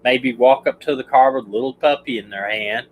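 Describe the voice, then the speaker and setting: A retired detective with a Southern US accent speaks briskly in a medium-pitched voice, casually talking through a case on his livestream. The sound is phone quality with slight background noise, and he rambles, restarts, and stumbles over words.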